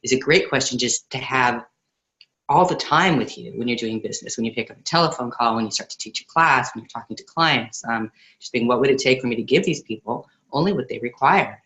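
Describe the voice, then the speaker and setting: A woman's voice: very deep voice, fairly bright tone, rough recording. Chatty woman hosting a book club. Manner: chatty, laughs often, quotes others in voices. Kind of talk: casual online book discussion.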